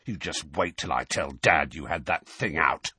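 A man's voice: a bass voice, moderate pace, bright, forceful tone, slightly rough, no echo, exaggerated voice. A man voicing a big, sulky teenage boy who bullies and taunts, snarling his lines.

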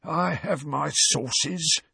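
Shrill, spiteful old caretaker, hissing and furious, as a male narrator puts him on; storybook reading, dry recording. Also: drawn-out words, gravelly, bright, forceful tone, husky, no echo, exaggerated voice. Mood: smug.

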